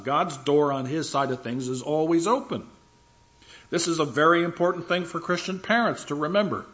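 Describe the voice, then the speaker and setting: A man preaching a sermon, earnest and emphatic, reading scripture slowly and repeating phrases for stress. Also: on the high side, fairly bright tone. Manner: reads scripture slowly and deliberately. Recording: dull lo-fi sound.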